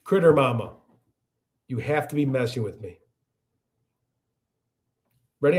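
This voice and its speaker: A man's voice: medium pitch, expressive, measured pace, long pauses, a little mellow. A man in his thirties from the Chicago area with a Chicago accent, hosting a casual livestream and chatting back to viewer comments with frequent restarts. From Chicago area, USA. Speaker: livestream host.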